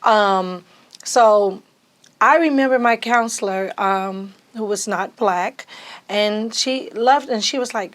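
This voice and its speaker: A woman from California, a podcast guest telling lively stories and acting out the voices in them. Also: mid-range voice, slow pace. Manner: animated, acts out voices in her stories. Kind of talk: casual storytelling.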